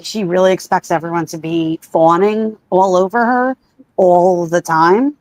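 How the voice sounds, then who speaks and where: A woman's voice: fairly low pitch, unhurried, a little mellow, dry recording. A woman guest on a casual online panel chat, wry and sarcastic.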